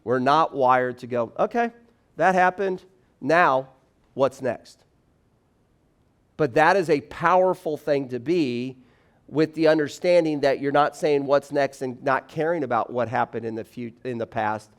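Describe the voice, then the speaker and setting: A man in his forties speaks to a room of college students at chapel. His voice sits at an ordinary middle pitch. He keeps things animated and conversational, often acting out little scenes. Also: normal speed, clean tone. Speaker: campus speaker.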